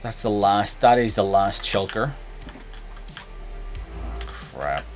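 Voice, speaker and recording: A man's voice: on the low side, expressive, takes it slowly, soft background music. A man chatting and joking casually while streaming a game. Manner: joking, rambling, playful. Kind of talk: casual gameplay stream chat.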